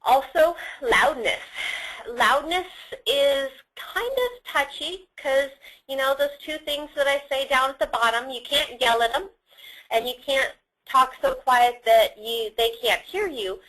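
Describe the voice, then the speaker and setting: A woman's voice: high voice, lively intonation, a little slow, fairly bright tone, low-quality recording. A woman giving a sales training lecture, explaining how to use tone and emphasis on the phone. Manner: instructive, demonstrates emphasis on example sentences.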